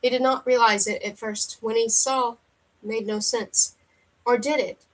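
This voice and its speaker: A woman's voice: on the high side, unhurried, poor audio. Woman reading a novel aloud. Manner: steady first-person narration with occasional slips. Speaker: audiobook reader.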